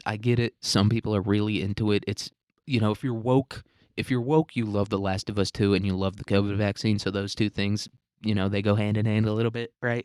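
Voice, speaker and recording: A man's voice: fairly low pitch, darkish tone, dry recording, studio quality. A man hosting a solo podcast, ranting in a crude, sarcastic, rambling way and chuckling often. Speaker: podcast host. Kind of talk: solo comedic rant.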